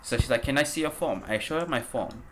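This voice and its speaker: A man's voice: medium pitch, expressive, quick pace, a bit bright, a little hiss or hum. A man hosting a podcast, telling a travel story in a rambling, casual way, swearing and using lots of fillers. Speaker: podcast host.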